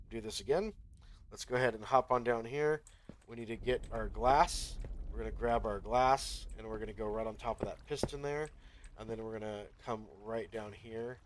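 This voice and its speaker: A man's voice: medium pitch, a little hiss or hum. A man hosting a gaming channel, talking the viewer through each step as he plays in casual commentary.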